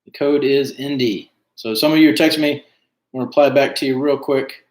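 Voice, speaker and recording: A man hosts a trivia night in a relaxed, chatty way, with plenty of "uh"s as he goes. His voice sits at an ordinary middle pitch. The room around him is echoey. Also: a little fast. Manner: chatty, reads out team names, frequent "uh" fillers. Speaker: trivia host. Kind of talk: casual livestream chat.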